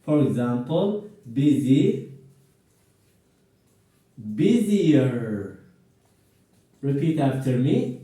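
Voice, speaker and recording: A man teaching a grammar lesson to a class, slow and encouraging, repeating words for students to echo. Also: mid-range voice, sing-song, warm tone. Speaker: English teacher. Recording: echoey room, voice far from mic.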